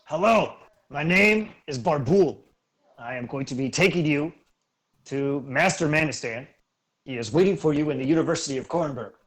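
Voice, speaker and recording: A man's voice: a little high, animated, moderate pace, lightly acted. A man voicing a prim, pompous male gnome chauffeur in a tabletop game, speaking in stuffy, formal old-fashioned phrasing. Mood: courteous. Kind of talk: tabletop role-play voice.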